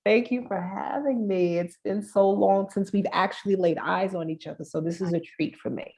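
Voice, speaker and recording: A woman's voice: mid-range voice, steady tone, normal speed, darkish tone. A woman with a Brooklyn accent, a guest spiritual worker, chatting casually and laughing easily on a video call. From New York.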